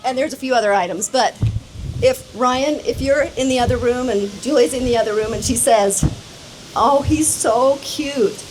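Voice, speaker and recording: Woman, slightly high voice, playful, chatty, wedding gift speech, handheld mic, faint noise. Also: fairly quick, darkish tone, low-quality recording. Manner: playful and chatty, laughing along. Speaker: wedding guest presenting gifts. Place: wedding reception hall. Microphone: handheld microphone.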